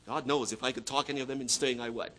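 A man preaching a sermon as pastor, swinging between loud emphatic bursts and hushed asides, stretching key words slowly for effect. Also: mid-range voice, fairly even intonation, poor audio.

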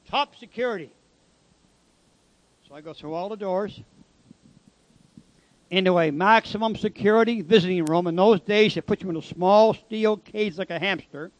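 A man's voice: sits high, moderate pace, pauses often. A man giving a preaching testimony as a former convict, telling his story in an emphatic, dramatic way.

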